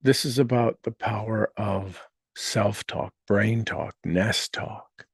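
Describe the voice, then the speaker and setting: A man giving a motivational talk to an audience, explaining ideas earnestly and guiding listeners through slow, deliberately repeated affirmations. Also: lowish voice, fairly even intonation, gravelly, husky, dry recording, clean studio sound.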